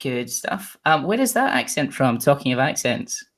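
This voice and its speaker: A man's voice: medium pitch, big pitch swings, moderate pace, a bit bright. Joking, teasing male webinar host. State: energetic from caffeine. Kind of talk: casual panel introductions.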